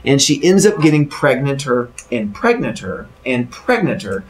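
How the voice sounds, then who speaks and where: A man's voice: mid-range voice, sing-song, moderate pace, a little hiss or hum. A man retelling a myth as a teacher, in a playful, jokey way. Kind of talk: animated storytelling lesson. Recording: roomy, distant mic.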